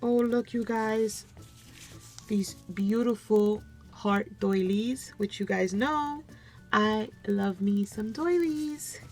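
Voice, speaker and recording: Woman gushing over craft goodies at her desk, keeps saying you guys, kinda low energy like she's getting sick, faint music in the back. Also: slow, darkish tone. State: low energy, coming down with a cold. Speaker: crafting channel host. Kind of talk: casual show-and-tell unboxing.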